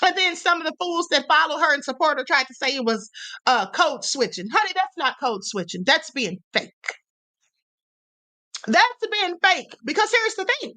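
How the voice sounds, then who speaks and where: A woman's voice: high voice, very animated, a little fast, pushed and bright. A woman with a Southern US accent hosting a livestream, giving emphatic, sassy opinion commentary and repeating her points. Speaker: livestream host.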